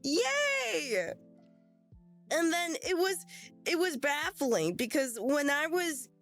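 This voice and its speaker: High-voiced woman, slow rambling storyteller. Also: expressive. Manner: rambling, dramatic, laughs through it. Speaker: streamer. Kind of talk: casual storytelling to chat. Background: faint music.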